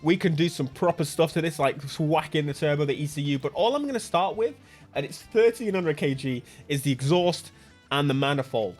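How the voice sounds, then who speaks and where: A man hosting a gaming channel, commenting on a racing game in a jokey, excitable way and laughing often. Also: on the high side, a little fast, soft background music.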